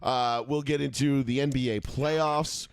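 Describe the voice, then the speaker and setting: A man's voice: mid-range voice, steady tone, unhurried, clear, resonant tone, no echo, studio quality. A man hosting a casual sports talk show, joking, swearing and rambling. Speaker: podcast host.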